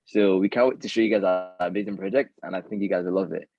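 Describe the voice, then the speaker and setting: A man's voice: sits low, fairly even intonation, fast, creaky. A student man introducing his team over a video call, polite and a little hesitant. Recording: dull, dry, lo-fi call audio.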